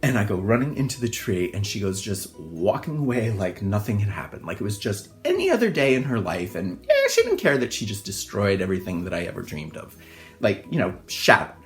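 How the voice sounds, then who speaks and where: A middle-aged man, a hairstylist, telling a personal childhood story in an animated, expressive way, acting out the scenes. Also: lowish voice, a little fast, faint music behind.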